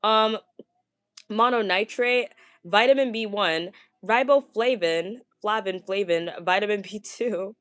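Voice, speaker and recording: A woman's voice: mid-range voice, measured pace, fairly bright tone, clear, resonant tone, no echo, clean studio sound. A woman vlogger in casual livestream chat, stuttering and stumbling over words with many fillers, gushing as she answers viewers. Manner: chatty, gushing. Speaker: vlogger reading viewer comments.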